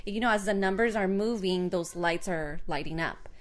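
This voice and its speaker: A woman co-hosting a casual podcast, telling a story in an animated way, acting out quotes and swearing casually. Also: medium pitch, normal speed. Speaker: podcast co-host.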